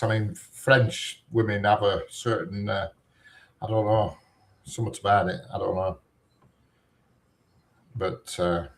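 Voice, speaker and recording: A middle-aged man, chatting casually and rambling from one point to the next with plenty of fillers. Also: low voice. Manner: rambling, digressive, lots of fillers. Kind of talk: casual chat.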